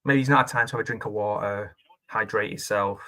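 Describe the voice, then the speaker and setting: Bright-voiced chatty man. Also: on the low side, steady tone, fairly quick. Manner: chatty and rambling, with frequent laughs and self-questioning asides. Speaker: film commentator. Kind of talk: casual film reaction commentary.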